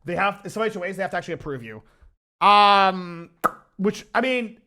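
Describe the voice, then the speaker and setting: A man's voice: high voice, expressive, moderate pace, bright, forceful tone. A man streaming his reaction to a video, ranting heatedly and swearing, with bursts of laughter. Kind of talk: casual reaction commentary.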